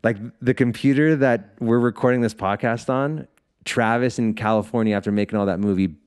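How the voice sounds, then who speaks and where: A man's voice: medium pitch, fairly even intonation, brisk, a little mellow, clean tone. A man guesting on a podcast, telling loose, profane stories in casual chat with lots of "like" fillers. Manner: loose storytelling, swears freely; frequent "like" fillers.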